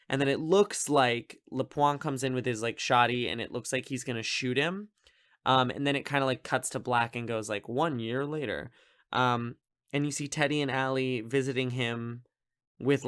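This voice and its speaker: A man's voice: mid-range voice, pushed and bright, clear, resonant tone. A man hosting a podcast, reviewing a film in a casual, rambling way, full of fillers and amused asides. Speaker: podcast host. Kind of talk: casual solo movie review.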